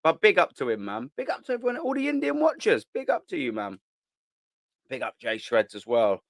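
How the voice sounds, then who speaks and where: Reading his chat on a live fan channel, a young host goes off on a heated, repetitive rant laced with swearing. He speaks briskly at medium pitch with wildly swooping intonation, recorded clean and dry in a studio.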